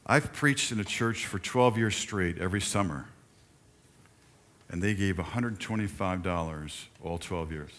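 An older male pastor with a very low voice delivers a sermon in a church. He preaches in a loose, conversational way, pausing for friendly asides to the people in the pews. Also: fairly bright tone. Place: church sanctuary.

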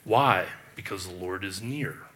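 Male preacher with a bright, forceful voice; emphatic sermon delivery with restarts. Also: deep voice, measured pace. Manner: emphatic, rhetorical questions, frequent restarts. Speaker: pastor.

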